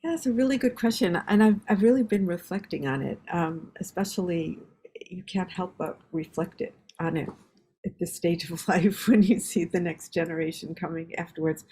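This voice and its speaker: A woman's voice: fairly low pitch, dark tone, husky. An older woman, a psychiatry researcher, giving reflective, explanatory answers as an interview guest. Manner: reflective, explanatory, acts out parents' words.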